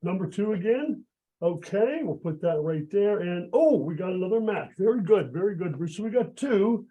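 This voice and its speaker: A man's voice: high-pitched, expressive, moderate pace, breathy edge, dull audio. A man performing a live magic act by video call, chatty and encouraging, with a cold that is making him lose his voice.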